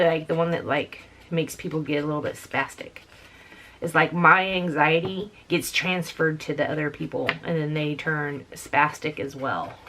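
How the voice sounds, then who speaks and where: In her home craft room with the door open, a woman with a fairly low-pitched yet fairly bright voice hosts a scrapbooking video. She rambles casually as she crafts and frequently says "dude" to viewers, with a bit of background noise present.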